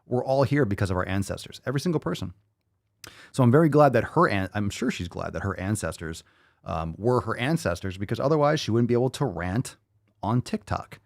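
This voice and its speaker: A man's voice: fairly low pitch, expressive, brisk, vocal fry, no room sound, clean studio sound. A man hosting a podcast, ranting casually with heavy swearing and repeating phrases for emphasis. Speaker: podcast host.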